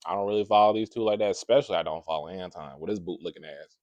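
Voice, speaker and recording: A man reacts to a clip in a casual, slangy, conversational way, animated as he explains. His voice sits in a dry, close recording. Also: low-pitched, rapid-fire, no room sound. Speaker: commentator.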